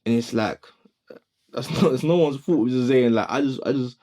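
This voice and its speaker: A young man co-hosting a studio podcast, chatting casually in a slangy, rambling way with quick restarts. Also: medium pitch, mellow. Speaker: podcast co-host. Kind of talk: casual chat.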